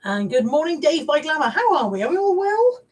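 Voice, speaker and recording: A woman's voice: high voice, very animated, brisk, far from the mic, low-quality recording. A woman hosting a casual live stream, chatty and rambling as she greets viewers. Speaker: live-stream host and reseller.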